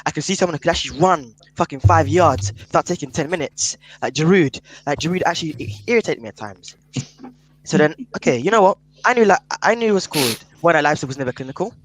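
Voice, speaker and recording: A man talking at a rapid clip in a slightly raised voice. He is emphatic and keeps hammering his points with "man" at the ends of sentences. He sounds like an online call mic on a casual football podcast. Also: fairly high pitch, animated, a little hiss or hum, poor audio. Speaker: podcast panelist.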